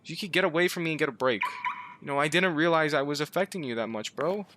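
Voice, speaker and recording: A man's voice: fairly high pitch, quick pace, noisy background. A man giving comic let's-play commentary, pleading with his car and joking, breaking into yelps and swearing. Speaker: gaming YouTuber.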